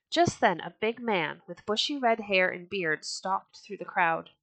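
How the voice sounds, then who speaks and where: A woman reading a classic tale aloud for a storybook podcast, with expressive storytelling. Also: medium pitch, measured pace, few pauses, no echo.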